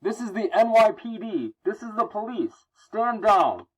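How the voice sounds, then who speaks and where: A man's voice: high-pitched, very animated, measured pace, pitched above the performer's own voice, full character voice, poor audio. A man reading aloud as a stern male police officer barking orders. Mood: commanding.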